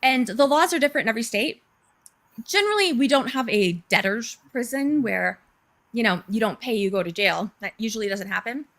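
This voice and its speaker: A woman's voice: a little high, animated, brisk, fairly bright tone. A woman chatting casually on a remote call, explaining legal points in a plain, conversational way. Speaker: co-host discussing a court case.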